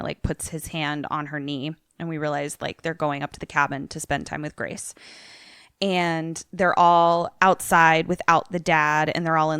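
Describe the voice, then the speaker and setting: A young woman chats her way through a movie trailer on a podcast, piling up fillers as she goes. Her voice sits a little low and sounds smooth and clean. The recording is dry and close, with no room sound. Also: fairly bright tone, dry recording. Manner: chatty, filler-heavy, lots of "like". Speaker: podcast co-host. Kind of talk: casual retelling of a trailer.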